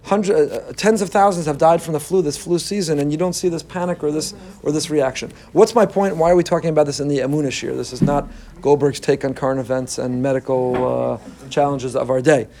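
A man's voice: fairly even intonation, brisk, hardly any pauses, warm tone. A man, a rabbi giving an emphatic Torah class, reading Hebrew text aloud and translating it. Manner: emphatic, rises in pitch when making a point.

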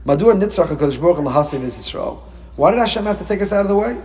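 A rabbi preaches a Torah lecture in a fairly high, lively voice. He acts out dialogue, jumping up in pitch for emphasis. His voice rings with a long reverb, as if in a large hall. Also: racing.

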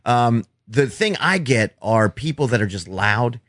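A man's voice: medium pitch, measured pace, no room sound. Profane storytelling comedian man, dry sound. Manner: profane, animated storytelling with acted-out quotes. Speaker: stand-up comedian guest. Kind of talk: casual podcast chat.

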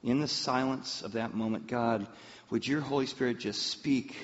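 A man preaching a sermon, telling a personal story in an animated way. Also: mid-range voice, normal speed. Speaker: pastor. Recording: muffled sound in a reverberant hall.

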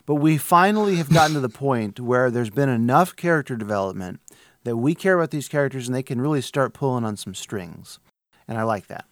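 A man's voice: medium pitch, animated, brisk, dry recording, clean studio sound. Rambling man co-hosting a chat show. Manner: rambling, with frequent fillers and restarts. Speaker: podcast co-host. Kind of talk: casual chat.

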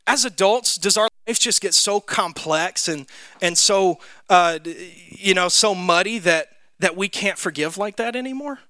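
A man's voice: sits high, measured pace, pushed and bright, dry recording. A young man from Mississippi, telling a personal story in a sermon with many fillers. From Mississippi, USA. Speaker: church speaker. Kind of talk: sermon testimony.

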